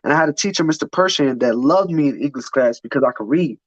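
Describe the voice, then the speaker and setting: This man speaks fast and animatedly in a fairly high pitch, recounting his life in an interview with candor and plenty of profanity. He tends to restart sentences by repeating words. There's no echo, and the sound is dull and lo-fi.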